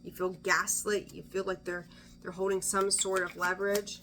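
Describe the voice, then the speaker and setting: A woman's voice: mid-range voice, flat delivery, normal speed, background noise. A woman giving a casual weekly tarot reading, chatty and blunt, swearing freely and often trailing off to restart her sentences. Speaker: tarot reader.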